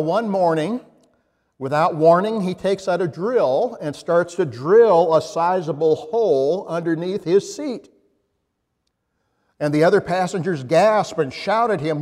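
A man delivers a sermon in a somewhat high voice, telling stories at a reflective pace. He pauses often and restarts phrases. His words ring out with a long reverb, as in a church sanctuary. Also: a little mellow. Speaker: preacher.

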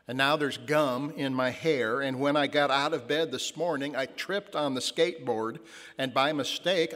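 A man voicing a whiny seven-year-old boy who is fed up with his day, reading his complaints in a slowed, drawn-out way. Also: mid-range voice, fairly bright tone, close to an everyday voice. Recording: long church reverb.

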